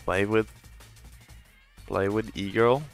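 A young man streaming games live, chatting casually, swearing a lot and reacting loudly to what happens on screen. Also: fairly low pitch, slow pace, smooth, faint music behind. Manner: excitable, profane, laughing, reacting loudly to the game.

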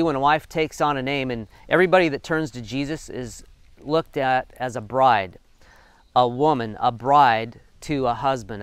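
Smooth-voiced man preaching from scripture. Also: medium pitch, dry recording. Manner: reads scripture aloud then explains it conversationally; folksy and informal, with fillers. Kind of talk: Bible reading and sermon commentary.

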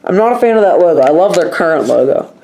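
A man's voice: on the high side, expressive, fast, a little mellow. A young man chatting casually in his own vlog, rambling and emphatic in his opinions. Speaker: vlogger.

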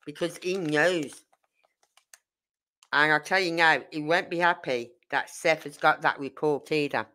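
Her low voice comes across bright and forceful, a little slow. She's a true crime channel host on a casual livestream, rambling and indignant as she goes through viewer comments.

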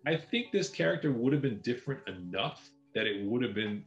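A man's voice: medium pitch, lively intonation, fairly quick, reverberant, muffled recording, soft background music. A man co-hosting a film podcast, giving long, enthusiastic explanations in casual chat.

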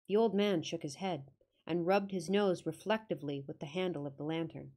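A woman's voice: lowish voice, brisk, dark tone. A woman narrating a classic ghost story with dramatic reading and wry, joking asides.

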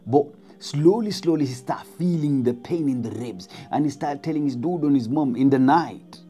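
Dark-voiced man telling a dramatic story. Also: mid-range voice, moderate pace, soft background music. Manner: dramatic, repetitive, drops to whispers. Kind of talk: spoken storytelling.

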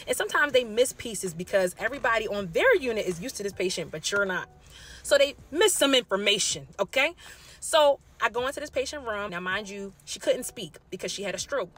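A woman who works as a nurse, telling a story to camera in a casual, animated way and firing off rhetorical questions. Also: medium pitch. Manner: animated, colloquial, jumps into loud acted reactions; asks rapid rhetorical questions to the audience.

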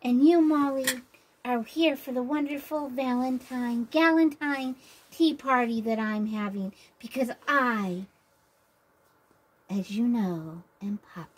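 A woman voicing a vain, bossy girl doll who hosts a tea party and calls herself a queen, talking in a haughty, showy way with drawn-out emphasis. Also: a little high, slightly rough, poor audio. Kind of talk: doll play role-play.

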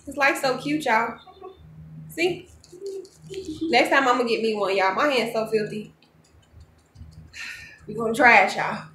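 A woman chats loosely to her viewers, calling them y'all and laughing often. Her voice sits fairly high. The room is echoey, with a faint hiss under it. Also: unhurried, long pauses, bright, forceful tone. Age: 30s. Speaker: vlogger. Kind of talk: casual vlog chat. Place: home kitchen at night.

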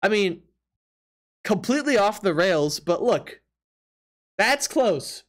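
A man's voice: high-pitched, big pitch swings, slow pace, a bit bright. A man streaming live from his apartment, chatting casually with viewers, laughing often and reacting in disbelief while teasing his chat.

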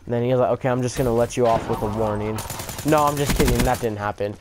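Talking fast in a mid-range voice with a steady tone, a young man rambles through a casual story over gameplay. Video game gunfire runs in the background as he swears often and uses plenty of "like."

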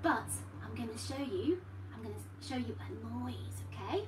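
Coaxing little ones in a playful sing-song, a woman leads a children's class for toddlers. Her fairly high voice is expressive and moderately paced, recorded from a distance in a roomy space with faint noise.

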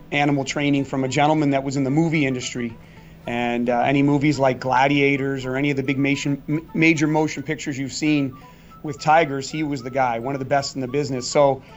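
A middle-aged man answering interview questions in a chatty, storytelling way, with fillers and restarts. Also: mid-range voice. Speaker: guest magician.

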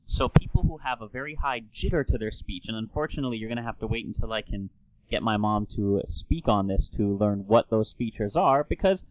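A man's voice: fairly low pitch, animated, fairly quick, no echo, highs cut off. A man hosting a podcast, explaining things in an enthusiastic, lecturing way. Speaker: podcast host.

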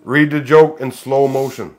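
A man's voice: mid-range voice, fairly even intonation, a little slow. An Australian man co-hosting a live stream, teasing his co-host and explaining the game rules. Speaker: livestream co-host. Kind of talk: casual live-stream banter.

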